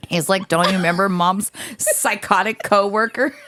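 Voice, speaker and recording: A woman's voice: medium pitch, normal speed. A woman co-hosting a podcast, retelling a story in a casual chat, laughing often and swearing freely. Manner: laughing, profane, animated retelling. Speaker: podcast co-host.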